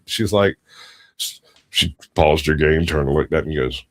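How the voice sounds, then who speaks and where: A middle-aged man with a very deep, low voice. He co-hosts a casual podcast, telling crude, profane stories and laughing often. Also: normal speed. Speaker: podcast co-host. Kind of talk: casual chat.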